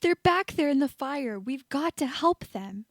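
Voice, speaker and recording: A woman's voice: high-pitched, animated, measured pace, no room sound, clean studio sound, voice pushed up. A woman reading the part of a stubborn young male wizard who speaks bluntly and impulsively. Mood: desperate.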